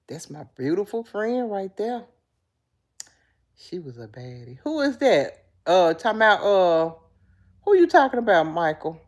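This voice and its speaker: A woman's voice: medium pitch, sing-song, measured pace, darkish tone. A woman hosting a casual livestream, chatting with viewers, reading their comments aloud and calling them girl and baby. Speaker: livestream host.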